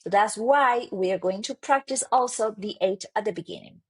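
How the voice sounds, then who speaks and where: A Spanish teacher from Argentina, a woman with an Argentine Spanish accent, giving an online lesson and repeating words slowly and clearly for learners. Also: mid-range voice.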